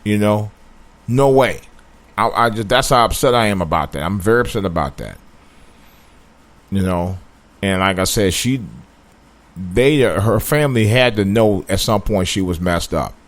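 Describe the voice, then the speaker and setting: Solo commentary host, male, from Cleveland, lower voice; runs from somber musing to heated, profane ranting. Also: animated, moderate pace, pauses often. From Cleveland, USA. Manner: starts low and somber, then builds into loud angry ranting with profanity. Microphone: own microphone.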